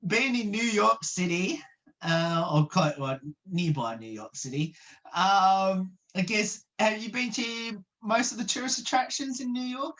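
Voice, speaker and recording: A woman's voice: medium pitch, measured pace, fairly bright tone. A woman interviewer for a radio show, asking questions over a video call with many ums and uhs.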